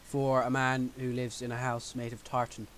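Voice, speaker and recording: A man's voice: medium pitch, completely flat delivery, normal speed, a bit bright, a little hiss or hum. A man co-hosting a casual podcast chat, full of teasing jokes and banter. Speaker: podcast co-host.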